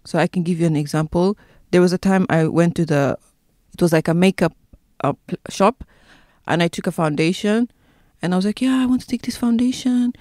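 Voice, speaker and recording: A woman's voice: lowish voice, a little fast, a little mellow, dry recording, clean studio sound. A woman recounting her experiences in a casual interview, talking loosely with many fillers. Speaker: interviewee, city resident.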